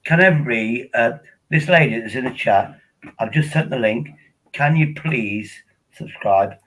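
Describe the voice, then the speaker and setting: Husky older man rambling on stream. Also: mid-range voice, measured pace, fairly bright tone, low-quality recording. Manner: rambling, chatty, friendly. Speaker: live-streamer. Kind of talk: casual live-stream chat. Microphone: laptop.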